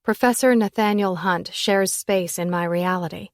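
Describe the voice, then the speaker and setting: A woman narrating a first-person romance audiobook in an intimate, emotional manner that turns breathy at its quiet moments. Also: mid-range voice, moderate pace, no room sound, studio quality.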